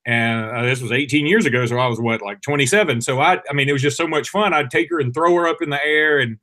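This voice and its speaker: A man in his forties from Alabama, co-hosting a talk show and chatting casually, telling stories with lively quoted voices. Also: fast talker. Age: 40s. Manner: animated storyteller, jumps to higher voices for quoted people. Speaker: radio show co-host. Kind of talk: casual chat.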